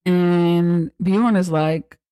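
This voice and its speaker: A podcast host giving a casual, profane, joking recap of a movie, acting out characters' lines in quick asides. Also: medium pitch, fairly even intonation, mellow, dry recording.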